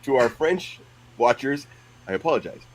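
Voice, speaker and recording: A man's voice: mid-range voice, expressive, normal speed, very noisy. A man hosting a casual podcast chat, jokey and steering the topics.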